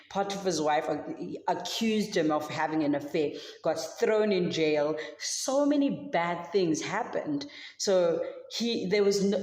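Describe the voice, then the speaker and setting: A woman leads a children's Sunday school lesson, telling the story in a casual, chatty way full of filler words. Her voice sits on the lower side. The sound is roomy, with a long reverb from a church hall. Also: darkish tone.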